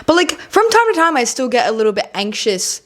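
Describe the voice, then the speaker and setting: A woman's voice: fairly high pitch, big pitch swings, fairly quick, fairly bright tone. Candid young woman podcast co-host. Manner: candid, swears freely, fillers like "like". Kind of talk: casual chat.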